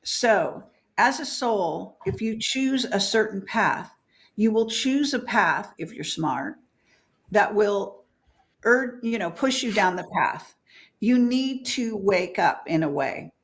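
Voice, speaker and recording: A woman's voice: medium pitch, lively intonation, takes it slowly. Older woman interview guest, emphatic, profane, laughs easily. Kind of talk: candid spiritual interview talk.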